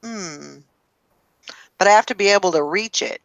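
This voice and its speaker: A woman's voice: medium pitch, moderate pace, no room sound. A woman hosting a casual morning chat show, talking in a rambling, self-deprecating way. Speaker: host.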